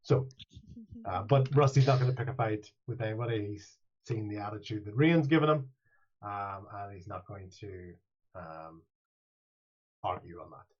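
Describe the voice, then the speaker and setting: A man's voice: fairly low pitch, moderate pace, a little mellow. Rambling, playful male game master. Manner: rambling, playful, restarts often. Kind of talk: narrating a tabletop game. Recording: dull lo-fi mic.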